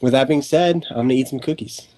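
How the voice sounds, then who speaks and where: Laid back guy on a podcast, mid pitch, thanking everyone. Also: fast, a little mellow. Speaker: co-host. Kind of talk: casual podcast chat.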